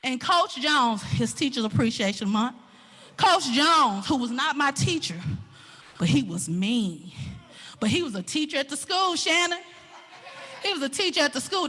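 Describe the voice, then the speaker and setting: Southern woman preacher, high bright voice, animated, hushed to shouting. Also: moderate pace. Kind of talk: sermon.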